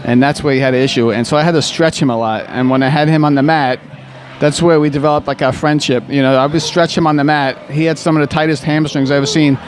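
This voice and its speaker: A man's voice: a little high, fairly even intonation, fast talker, few pauses, faint music behind. A man who works as a physical therapist, talking in a casual interview and telling stories about patients with many restarts and fillers. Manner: rambling, warm storytelling with frequent restarts and fillers. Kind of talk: conversational interview.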